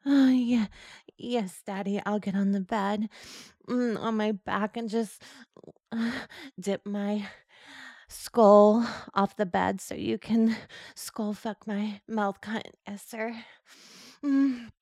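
Young woman doing adult audio roleplay, slow and begging, lots of sighs, dry close sound. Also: medium pitch, steady tone, a little mellow, no room sound. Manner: pleading, submissive, with sighs and murmured fillers. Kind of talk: adult audio role-play.

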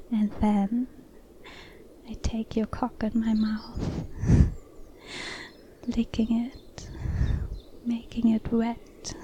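A young adult woman narrating a whispered role-play, breathy and soft, with frequent small laughs. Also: fairly high pitch.

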